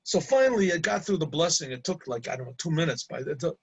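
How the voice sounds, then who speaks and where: A middle-aged rabbi casually tells an anecdote, halting, repeating words, and laughing at his own story. His voice is on the high side and animated, with vocal fry and slight roughness, on a rough recording.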